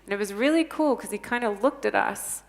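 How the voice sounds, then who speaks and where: A woman's voice: mid-range voice, brisk. A woman telling a story at a conference panel, earnest and enthusiastic, with emphatic stresses. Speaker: conference speaker. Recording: long reverb of a conference hall.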